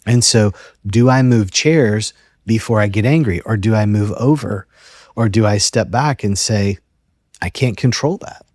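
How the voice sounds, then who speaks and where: A man hosting a counseling conversation, speaking gently and reflectively and thinking aloud by rephrasing his points. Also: lowish voice, measured pace, no room sound, studio quality. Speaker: host, therapist.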